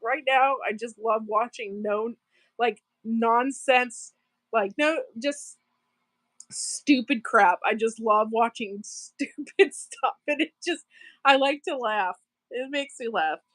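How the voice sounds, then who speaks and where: A woman hosts a relaxed live stream, talking slowly in a slightly high voice. She rambles, laughs often and answers viewers in the chat. The sound is dry, with no room echo. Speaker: farm channel livestream host.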